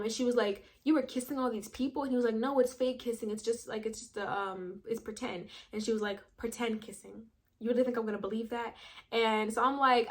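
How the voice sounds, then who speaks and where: A young woman casually recapping a reality show, chatty and full of slang, acting out what people said. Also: medium pitch. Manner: chatty, slangy, acts out quotes.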